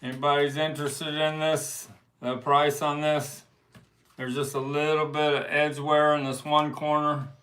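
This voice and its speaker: A man hosting a casual livestream, showing and pricing records from his collection in an unhurried show-and-tell manner. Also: on the high side, little pitch movement, fairly bright tone, low-quality recording. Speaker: livestream host selling records. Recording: faint background noise.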